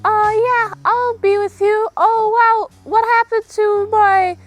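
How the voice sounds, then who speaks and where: A woman doing a squeaky, sugary shop girl. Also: fairly even intonation, slow, no room sound. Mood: sweet. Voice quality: very high-pitched, sugary. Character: sweet, breathy-voiced young blonde shop girl.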